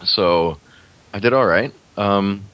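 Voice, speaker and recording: A man's voice: on the low side, takes it slowly, clean tone. A man co-hosting a podcast in casual chat, joking and swearing freely. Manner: joking, swears freely, tries silly accents. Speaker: podcast co-host. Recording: dull lo-fi audio.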